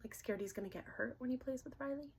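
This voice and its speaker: A middle-aged woman gently asking questions aloud in a casual session, hesitant and often dropping to a whisper. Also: high-pitched, slightly rough. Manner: soft-spoken, halting, often drops to a whisper. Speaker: dowsing-rod reader.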